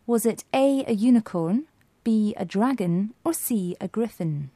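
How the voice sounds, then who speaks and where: A woman with a mellow, warm tone hosts a scripted lesson, asking quiz questions and explaining terms clearly. The recording is dry and close. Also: mid-range voice, lively intonation, unhurried, dry recording. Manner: clear, quizzing. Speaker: co-presenter. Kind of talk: scripted educational podcast.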